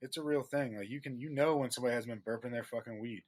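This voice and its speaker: A man's voice: medium pitch, quick pace, darkish tone. Earnest man repeating his points. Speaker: podcast co-host. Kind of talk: casual chat.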